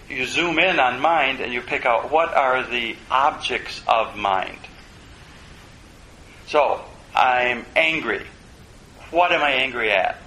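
Male Buddhist teacher, gravelly, bright tone, musing dharma talk. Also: medium pitch, slight background noise, poor audio. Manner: reflective, asks himself questions aloud.

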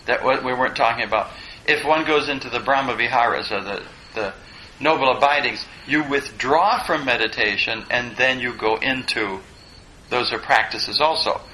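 A man's voice: medium pitch, normal speed, bright, forceful tone, slight background noise, rough recording. A man teaching a meditation class, plain-spoken and digressive, poking fun at himself as he goes. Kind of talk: dharma class talk.

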